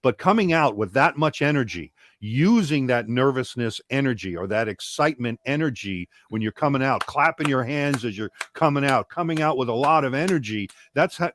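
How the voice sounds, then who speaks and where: A man speaking as an interview guest, explaining in a measured way. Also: medium pitch, expressive, fairly bright tone, a little hiss or hum. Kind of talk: interview chat.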